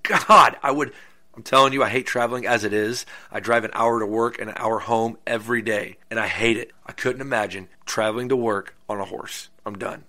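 A man's voice: fairly low pitch, fairly even intonation, brisk, hardly any pauses, bright, forceful tone. A man casually telling a true crime story, with goofy, crude joking asides. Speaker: podcast host.

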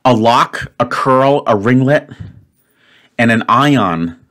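A man solving a word puzzle out loud, thinking aloud and muttering to himself. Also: mid-range voice, lively intonation, slow pace. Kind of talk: solo puzzle-solving commentary.

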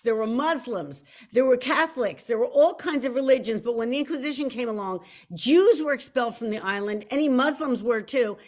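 A middle-aged woman chatting casually on a livestream, self-deprecating and restarting her sentences often. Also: on the high side. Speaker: author hosting a livestream.

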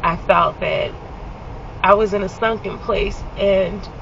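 A woman's voice: mid-range voice, slow, creaky, a bit bright. A woman rideshare driver from Indiana, talking with a passenger in her car, gushing and near tears. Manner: gushing, tearful, laughs often. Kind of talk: emotional chat with a passenger. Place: inside a car. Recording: muffled in-car recording, road noise.

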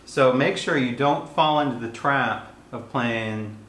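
A man giving a calm, explanatory piano lesson, talking between played passages. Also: mid-range voice, measured pace. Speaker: piano teacher. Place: room with a piano. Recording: roomy sound with piano playing.

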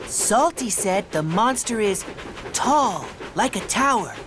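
A man voicing a small, excitable young male engine in a cartoon, eager and pleading. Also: sits high, slow, background noise, pitched above the performer's own voice.

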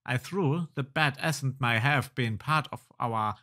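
A man's voice: medium pitch, measured pace, pushed and bright. Jittery stammering lady shop clerk from an old game, guy putting on her voice. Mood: fearful. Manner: stammering, fearful. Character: nervous female music store clerk, secret agent.

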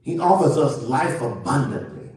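A man, pastor, preaching a sermon and swinging from loud to hushed. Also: medium pitch, animated, normal speed. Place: church sanctuary. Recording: echoey church from far off.

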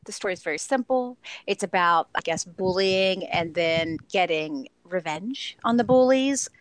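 A woman's voice: lowish voice, expressive, measured pace, no echo. A woman reviewing a film on a podcast in casual chat, enthusiastic and gushing, often laughing between thoughts.

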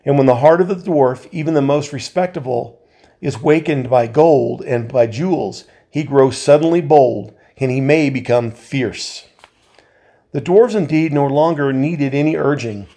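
A man, a volunteer reader, reading a novel aloud in a measured way, with occasional slips he corrects. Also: fairly high pitch, darkish tone.

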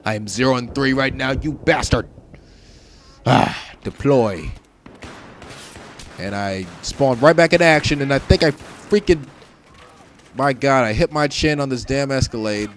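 A man giving casual gameplay commentary, joking and trash talking, swinging between shouts and mutters. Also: medium pitch, a little slow, long pauses, slight background noise. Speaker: gaming commentator. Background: game gunfire and explosions.

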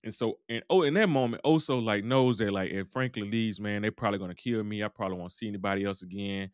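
A man's voice: on the low side, fast, no room sound, studio quality. A man giving a loose, chatty recap of a TV episode, acting out the characters' lines as he goes. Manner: loose, talky retelling that acts out characters' lines. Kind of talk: casual recap monologue.

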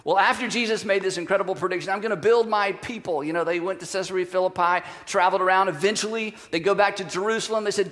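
A man's voice: sits high, quick pace, hardly any pauses, a bit bright, in a large hall. A male pastor preaching a conversational sermon, telling stories and acting out quoted voices. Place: church sanctuary.

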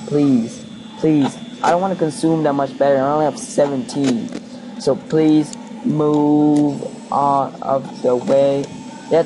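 Young man pleading through a horror game. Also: mid-range voice. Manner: anxious, pleading, rambling chatter. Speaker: gaming video host. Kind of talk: casual let's play commentary. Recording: home recording with steady background noise.

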